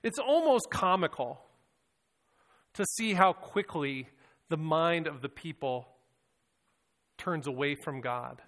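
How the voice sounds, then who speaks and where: A man's voice: on the high side, expressive, takes it slowly, pauses often, fairly bright tone, in a large hall. A man preaching a sermon in an earnest, reflective way, often restarting and repeating words as he speaks.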